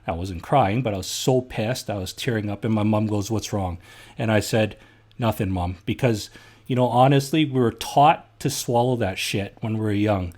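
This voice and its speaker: A man's voice: on the low side, normal speed, a little mellow. A middle-aged man, a podcast host telling stories in a casual, blunt and heated way, swearing freely. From Canada. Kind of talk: casual storytelling chat.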